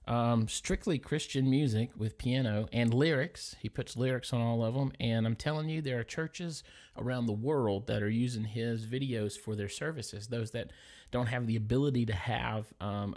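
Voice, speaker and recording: A man from Louisiana with a Southern accent and a lowish, darkish voice chats casually on a livestream. He's a gospel singer, and he reads viewer comments aloud.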